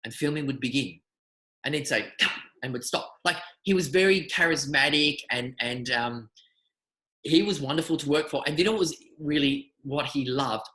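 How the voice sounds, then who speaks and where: A man, a magician, telling animated, rambling anecdotes in a casual interview. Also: medium pitch, moderate pace, echoey room, rough recording. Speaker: magician guest.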